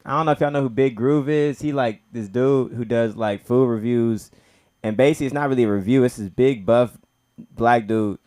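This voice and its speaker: Male comic, loose slangy delivery, mid pitch, club stage. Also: moderate pace. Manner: loose, slangy, low-key then excited. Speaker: stand-up comedian. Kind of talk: stand-up set.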